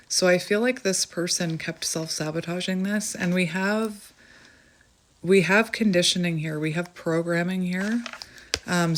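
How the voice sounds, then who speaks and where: A woman's voice: lowish voice, a little hiss or hum. A woman chatting casually as she gives a tarot reading, laughing often and thinking aloud. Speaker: tarot reader.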